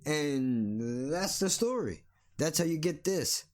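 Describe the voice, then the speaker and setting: A man's voice: on the high side, lively intonation, takes it slowly, background noise. A man hosting a solo podcast, ranting bluntly and sarcastically with plenty of swearing. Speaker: podcast host.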